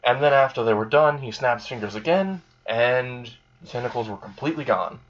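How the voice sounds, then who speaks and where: A man's voice: mid-range voice, animated, brisk, a bit bright, muffled recording. A man casually narrating an improvised fan story, rambling and filling gaps with "like" and "you know".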